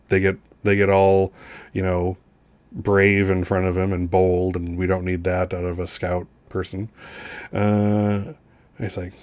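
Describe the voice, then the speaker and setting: A man with a low voice runs a tabletop game, narrating in loose, halting runs full of restarts. He sits close to a dry, dead-sounding mic. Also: darkish tone, no echo. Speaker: game master.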